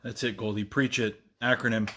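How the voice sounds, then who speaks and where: A man's voice: lowish voice, little pitch movement, brisk, bright, forceful tone, a little hiss or hum. A man making teasing quips offscreen during a painting tutorial.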